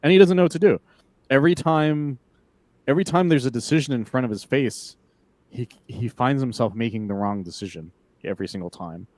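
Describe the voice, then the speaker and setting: A man's voice: medium pitch, fairly quick, dry recording. A man co-hosting a podcast, chatting casually about comics, swearing freely and acting out lines with laughter. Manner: animated, swearing, acts out quotes with laughs. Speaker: podcast co-host. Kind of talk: casual comic book discussion.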